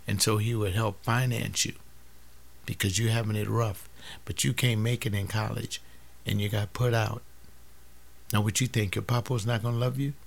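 Older man preaching in a gravelly voice. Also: mid-range voice. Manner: acts out family dialogues, swings from loud to hushed. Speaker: teacher giving a sermon-like talk. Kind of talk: impassioned preaching to an audience.

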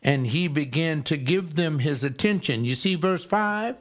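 A male preacher delivering a sermon in a folksy, emphatic way, slowing down to stress key phrases. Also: on the high side.

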